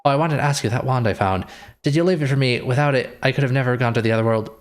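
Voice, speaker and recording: A man's voice: mid-range voice, very fast, lightly acted. Brief: earnest boy hero in a game, read plainly by a man. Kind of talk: reading game dialogue aloud.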